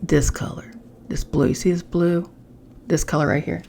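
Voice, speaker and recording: A woman hosting a podcast, telling a personal story in a casual, animated way and swearing freely. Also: fairly low pitch, normal speed, vocal fry, whispered. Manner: animated, swearing, acts out voices of others. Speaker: podcast host.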